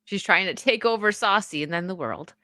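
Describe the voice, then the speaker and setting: A woman hosts a casual podcast chat, telling stories in an animated way and laughing often. Her voice is bright and sharp. The recording is close and dry. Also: medium pitch, a little fast, no room sound. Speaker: host.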